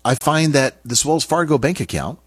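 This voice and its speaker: A middle-aged man telling a personal story in an earnest, halting way, with restarts and pauses. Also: fairly high pitch, expressive, fairly bright tone, husky, no echo. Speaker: speaker sharing a personal story.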